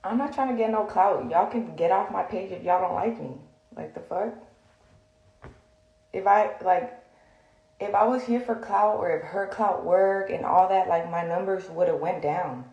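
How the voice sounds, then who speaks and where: A woman's voice: mid-range voice, moderate pace, darkish tone, roomy sound, dull audio. A woman venting heatedly on a livestream, confrontational and full of fillers, recorded on a phone in a room.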